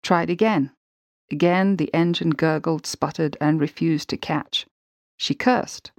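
A woman narrating a story in a steady, measured audiobook reading. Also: deep voice, no room sound.

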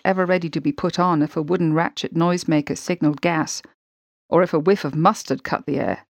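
A woman narrating a war story in a steady, measured way. Her voice sits fairly low, and the recording is close and dry with no room sound. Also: dry recording. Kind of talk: audiobook narration.

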